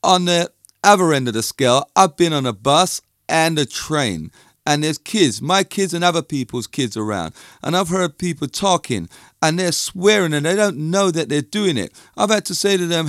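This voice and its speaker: A man's voice: a little high, expressive, normal speed, fairly bright tone, no room sound. Opinionated, rambling London man, dry sound. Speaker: music and dance teacher. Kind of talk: casual monologue.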